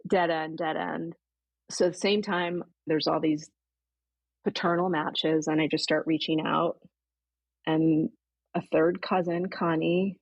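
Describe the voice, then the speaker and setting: A woman's voice: low-pitched, vocal fry, no room sound, muffled recording. A woman, a podcast guest, earnestly retelling an emotional personal story and voicing her own past thoughts. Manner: earnest, animated retelling with quoted inner thoughts.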